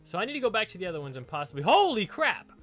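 A man's voice: sits high, big pitch swings, rapid-fire, pushed and bright, soft background music. A man hosting a let's play, chatting casually and laughing often while he explores and digs. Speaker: gaming channel host.

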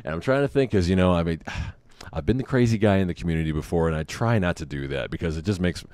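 A man telling a story in a casual monologue, animated, blunt and profane, and poking fun at himself. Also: low voice, fast talker, dry recording. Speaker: host of a parenting podcast.

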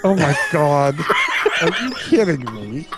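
A man's voice: fairly high pitch, very animated, takes it slowly, over a noisy crowd. A man chatting along with a let's play, tossing in dry, joking remarks. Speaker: co-commentator. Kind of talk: casual gaming commentary.

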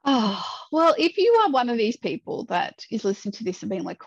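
A woman's voice: fairly high pitch, big pitch swings, moderate pace, breathy edge, dry recording, highs cut off. A woman guest on a podcast, talking earnestly and chattily with many fillers. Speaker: dietitian guest. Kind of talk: podcast interview talk.

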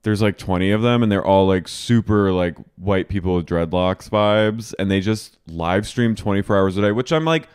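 A man co-hosting a podcast, recapping a show in animated casual chat full of "like". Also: lowish voice, normal speed, few pauses, smooth, dry recording, studio quality. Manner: animated storytelling, heavy use of "like". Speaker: podcast co-host.

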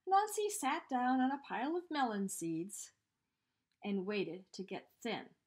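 A woman teacher reading a storybook aloud to children, expressive, with hushed asides. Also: on the high side, a little slow, husky.

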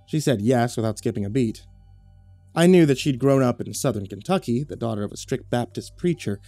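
Male horror story narrator, mellow and dry. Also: medium pitch, dry recording.

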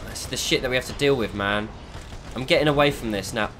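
A man's voice: medium pitch, fairly quick, noisy background. A man giving frustrated, swear-filled commentary while playing a shooter game. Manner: frustrated, heavy swearing, exasperated. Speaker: gamer. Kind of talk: gameplay commentary.

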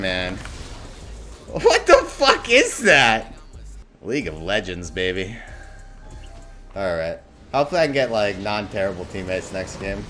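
Furious ranting streamer man. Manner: tilted, swearing, ranting at teammates and enemies; swings between low mutters and shouted outbursts. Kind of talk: live gameplay commentary.

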